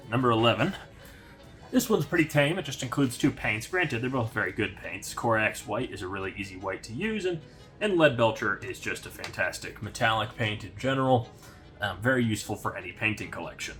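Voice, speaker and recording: Man, young adult, casual unboxing review, rambling, bright voice, faint background music. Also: medium pitch, a little fast. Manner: relaxed, rambling with many fillers. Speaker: hobby reviewer.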